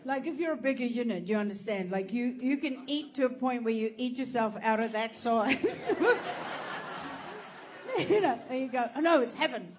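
A woman's voice: fairly high pitch, animated, normal speed, a little mellow. A woman doing a stand-up comedy set, telling a story in a brash, profane way.

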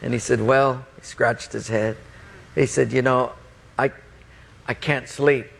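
Animated preacher man telling a story. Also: measured pace, gravelly. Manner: animated storyteller, acting out voices; lowers voice to quote God. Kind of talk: sermon with a personal story.

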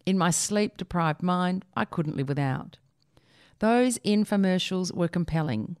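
A woman's voice: lowish voice, expressive, unhurried, a little mellow, smooth, no room sound. A woman reading a humorous essay aloud in a wry, dry comic delivery.

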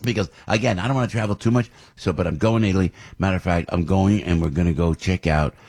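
Husky, rambling radio host man. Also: fast talker. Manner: rambling, animated, jumps into high voices for quoted people. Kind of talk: casual morning radio chat. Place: radio studio. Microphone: studio microphone.

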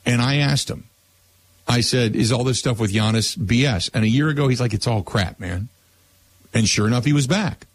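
A man's voice: mid-range voice, normal speed, slightly rough, no echo. A man hosting a sports talk radio show and taking calls, talking casually and repeating words as he starts his sentences.

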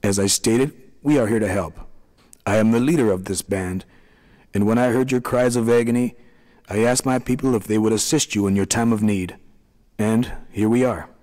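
A man doing a gentle little leader of the little people. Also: lowish voice, moderate pace, close to an everyday voice. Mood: soothing. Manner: gentle, soothing. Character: kind small middle-aged male leader of little people.

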